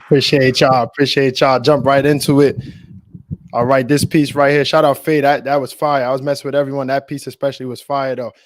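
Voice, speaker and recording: A man's voice: mid-range voice, little pitch movement, brisk, dry recording, studio quality. A man performing a rhyming spoken word poem at a virtual open mic, with a rhythmic delivery. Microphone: video call.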